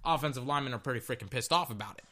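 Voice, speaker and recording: A man's voice: mid-range voice, racing, pushed and bright. A man hosting a podcast, reacting to a game in a blunt, profane, repetitive rant. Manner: blunt, profane, repeats himself. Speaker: podcast host. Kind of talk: casual sports reaction rant.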